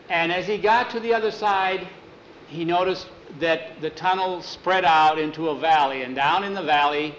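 A man's voice: fairly high pitch, fairly bright tone, slight background noise, low-quality recording. A man telling a story in a plain, folksy way, often repeating "he said". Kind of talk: told story with voices.

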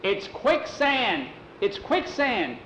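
A man voicing a steady, reassuring male adventurer, close to his own storytelling voice. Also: a little high, fairly quick, echoey room, a little hiss or hum, natural voice, low-quality recording. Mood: alarmed.

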